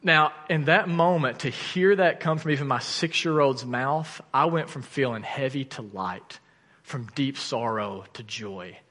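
A man in his thirties preaching a sermon, telling a personal story in an earnest, animated way that falls to quiet intensity. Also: mid-range voice, measured pace. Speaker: pastor. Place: church sanctuary. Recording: church hall reverb.

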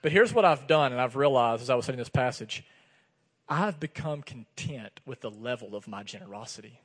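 Speaking at a mid-range pitch and a slightly quick pace, a man delivers a sermon built around a story from his own life. He performs the dialogue with lively energy, his voice carrying through the long reverb of the church sanctuary.

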